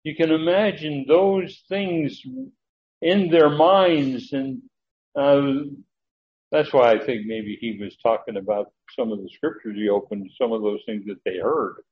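A man's voice: mid-range voice, measured pace, a little hiss or hum. A man teaching scripture in a conversational, meandering manner with frequent fillers. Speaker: Bible teacher. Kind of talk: sermon. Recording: dull lo-fi recording with faint ambience.

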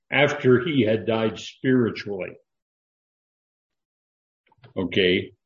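Older bass-voiced preacher, slow and halting. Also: male voice, reverberant, lo-fi sound. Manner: slow, halting, with many fillers and restarts. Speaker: pastor. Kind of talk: sermon.

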